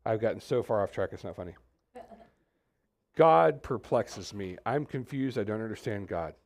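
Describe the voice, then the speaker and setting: A man's voice: lowish voice, expressive, normal speed. A man from Texas, preaching a sermon as pastor and wandering into joking asides.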